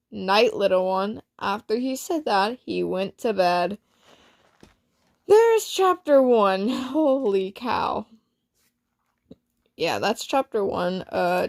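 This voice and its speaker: A woman's voice: mid-range voice, vocal fry, a little mellow. A woman casually reading aloud a story she wrote, swearing freely and breaking off into chatty asides and self-corrections. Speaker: amateur storyteller reading her own story.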